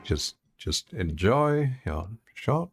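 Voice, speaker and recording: Playful man giving lively game commentary. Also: mid-range voice, slow, faint music behind. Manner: playful, self-mocking, chatty, with laughs. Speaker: streamer playing a video game. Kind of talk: casual gameplay commentary.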